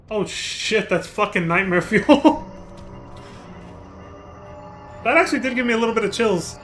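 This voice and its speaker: A man streaming a game live, reacting casually with swearing and laughter, his voice getting hoarse. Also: high voice, expressive, brisk, a bit bright, faint music behind. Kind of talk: live game playthrough, reading dialogue aloud.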